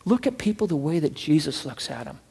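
A man preaching a sermon from scripture, fervent, swinging between loud urging and hushed asides and repeating words as he builds a point. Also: fairly high pitch, sing-song, a little fast, vocal fry, breathy edge, long reverb tail. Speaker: pastor.

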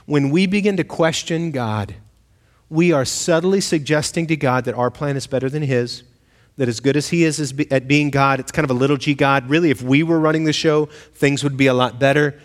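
This pastor's voice is on the high side and a little quick, followed by a long reverb tail. His conversational sermon includes questions for the congregation and acted-out voices of the people he quotes.

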